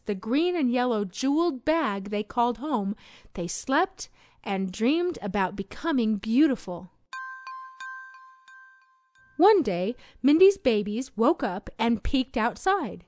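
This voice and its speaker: A woman narrating a children's read-along storybook in an expressive, sing-song storytelling manner. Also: on the high side, takes it slowly.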